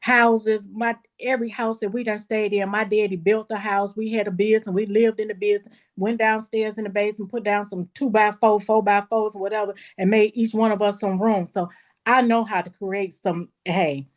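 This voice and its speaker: A woman who owns a beauty school tells a personal story in a lively, casual way, talking straight to her listeners and acting out what people said. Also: mid-range voice, normal speed. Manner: lively, acts out quoted dialogue in a raised voice; casual, addresses listeners as y'all.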